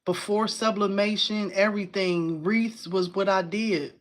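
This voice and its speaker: A woman chats on a crafting live stream from her home workspace. She talks informally and with a lot of excitement, answering viewers aloud as she shows her work. Her voice sits at an ordinary middle pitch and reaches a desk microphone close by. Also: a little slow. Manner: uses y'all and informal phrasing. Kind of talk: casual live stream chat.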